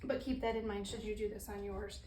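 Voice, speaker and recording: Working on fluid art in a spacious studio, a woman chats casually and thinks out loud, apologizing now and then, in this relaxed painting tutorial. She speaks fairly quickly in a mid-range, dark-toned voice with a level delivery. Echo and faint ambient hiss fill the recording.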